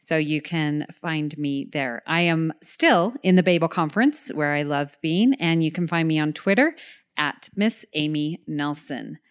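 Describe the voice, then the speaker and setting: A woman's voice: deep voice, a little slow, smooth. A woman co-hosting a podcast, chatting casually in an enthusiastic way. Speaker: podcast co-host. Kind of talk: casual chat.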